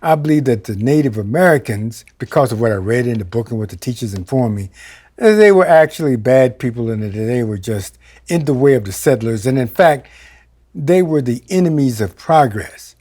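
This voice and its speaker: Lively-voiced male minister telling a story. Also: mid-range voice, normal speed. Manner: storytelling, swinging from loud exclamations to quiet asides. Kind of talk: sermon.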